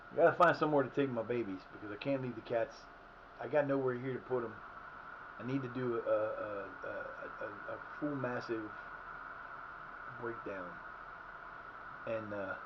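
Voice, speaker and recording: A hoarse man streaming live at home who is losing his voice, rambling and swearing at his team as he plays a soccer management game. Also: medium pitch, unhurried, long pauses, muffled recording, heavy background noise. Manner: rambling, cursing at the players. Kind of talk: live gameplay commentary. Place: his house.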